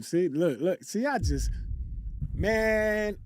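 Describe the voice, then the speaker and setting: A man hosting a casual livestream, reading chat aloud in loose slangy banter, repeating phrases and giving frequent shout-outs on a desktop condenser mic. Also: high-pitched, expressive, takes it slowly. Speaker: livestream host. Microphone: desktop USB condenser mic.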